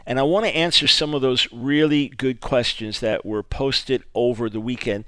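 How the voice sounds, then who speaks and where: Male talk radio host, mid pitch, animated and emphatic, dry close studio mic. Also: normal speed, dry recording. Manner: emphatic and animated, stressing key words. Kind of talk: radio talk show monologue. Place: radio studio, audio only.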